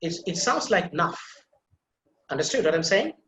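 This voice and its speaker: A man's voice: high-pitched, very animated, fast talker, fairly bright tone, reverberant, highs cut off, slight background noise. A man teaching a pronunciation class on a video call, explaining patiently with many fillers and repetitions.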